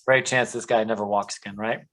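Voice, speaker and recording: A man tells his life story as a guest on a faith podcast. He speaks earnestly in a somewhat low voice and falls back on "um" and "you know" as he goes. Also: steady tone, fairly quick, fairly bright tone, rough recording. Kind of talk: conversational testimony.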